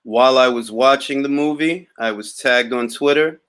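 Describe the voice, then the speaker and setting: A man's voice: mid-range voice, normal speed, a bit bright, clear, resonant tone. Laid-back New York man on a livestream. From Harlem, New York. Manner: laid-back, drawling, wry and boastful. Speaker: boxing talk host reading live chat. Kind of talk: casual livestream chat.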